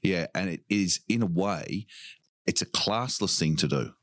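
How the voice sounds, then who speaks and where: Brief: deep-voiced Australian male co-host, dry wit, dry studio mic. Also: expressive, unhurried, fairly bright tone, dry recording. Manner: dry, storytelling banter. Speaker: radio co-host. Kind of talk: comedic radio chat.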